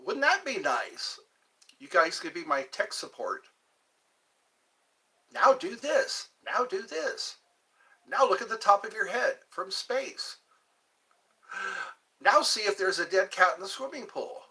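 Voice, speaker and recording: Slow, lively, bright-voiced male streamer. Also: sits high. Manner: rambling, chatting with viewers. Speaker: livestream host. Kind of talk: casual livestream chat.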